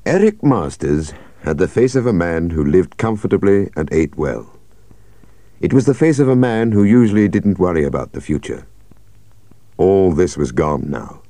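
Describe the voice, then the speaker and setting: A man reads a story aloud in a measured, expressive way. His voice is very deep and mellow, and his pitch moves a lot. The recording is dry and close. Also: dry recording. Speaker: audiobook narrator. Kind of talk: scripted story narration.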